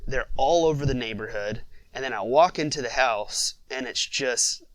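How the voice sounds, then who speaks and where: A man, a father of six, telling a family story in a relaxed podcast interview, with lots of fillers. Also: medium pitch, normal speed, no room sound, low-quality recording. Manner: conversational, many fillers, reflective storytelling.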